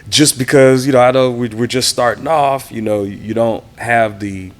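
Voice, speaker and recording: A man in his fifties from the Houston area, telling relaxed stories as an interview guest and acting out what people said. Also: medium pitch, normal speed. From Houston area, Texas. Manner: relaxed, reminiscing, acts out quoted voices. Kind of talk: casual interview storytelling.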